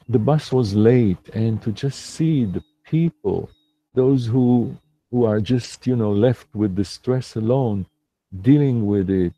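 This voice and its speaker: Slow husky guy musing on a livestream, low voice, lots of pauses. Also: dark tone. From lives in New York City. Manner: slow, reflective, with many pauses and restarts. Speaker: meditation teacher. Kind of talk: livestream talk.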